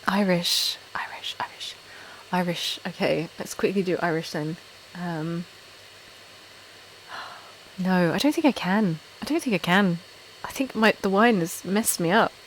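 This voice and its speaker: A woman's voice: on the low side, a little slow, pauses often, slight background noise, low-quality recording. A woman with an English accent, hosting a casual live-stream chat with viewers. She giggles a lot and fills her talk with "like" and "um". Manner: giggly, filler-heavy, self-deprecating. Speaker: ASMR channel host on a live stream.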